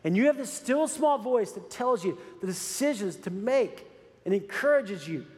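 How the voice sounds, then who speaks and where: A man's voice: high voice, animated, moderate pace, a little mellow. Man, pastor, sermon, earnest, urging, repeats phrases, church sanctuary, long echo. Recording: long reverb of a large hall.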